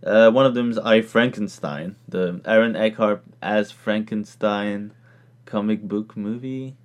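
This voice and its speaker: A man's voice: lowish voice, steady tone, a little slow. A man co-hosting a casual chat, rambling with fillers and laughing often. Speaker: podcast co-host.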